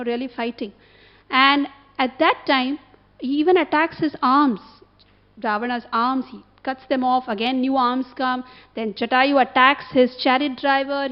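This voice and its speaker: A woman's voice: high-pitched, steady tone, moderate pace. A woman gives a sermon, telling a story and checking in with her listeners through short questions. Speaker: temple speaker. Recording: dull lo-fi recording.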